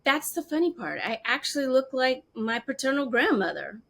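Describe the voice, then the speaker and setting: A woman's voice: high-pitched, normal speed, gravelly. A woman in her fifties, an interview guest telling a personal story and acting out the voices of the people she quotes. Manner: animated, acts out quoted voices.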